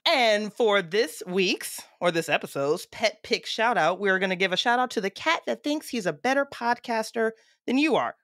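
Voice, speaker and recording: A woman's voice: mid-range voice, lively intonation, normal speed, few pauses, a bit bright, no room sound, clean studio sound. A woman co-hosting a casual podcast chat, playful and affectionate, laughing often. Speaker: podcast co-host.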